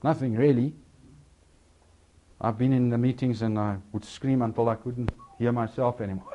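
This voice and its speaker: A man delivers a sermon at a middle pitch. He swings between raised, emphatic lines and low, quieter asides. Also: steady tone, normal speed, highs cut off, a little hiss or hum. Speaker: preacher.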